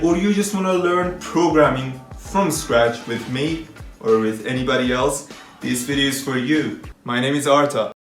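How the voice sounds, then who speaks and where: Young male tech vlogger, casual and jokey, plays out mini skits; echoey room, soft music bed. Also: on the high side. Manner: playful, self-mocking, acts out little skits. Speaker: programming tutorial YouTuber. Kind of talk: casual humorous vlog talk.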